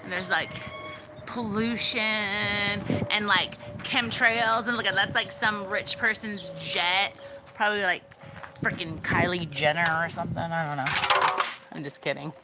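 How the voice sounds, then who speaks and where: Speaking at a measured pace in a steady, mid-range voice, a young woman records a backyard tour vlog over a noisy background. Her casual rambling is heavy with "like" and "you know," and she keeps stopping to chat with her animals outside.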